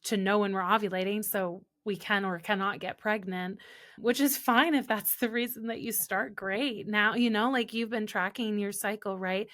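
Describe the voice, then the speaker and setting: A young adult woman who is a guest on a podcast. She talks candidly and with animation, acting out the things she says to others. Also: medium pitch. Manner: animated, quick and candid, acting out quoted remarks. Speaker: guest, holistic business coach. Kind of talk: casual podcast conversation.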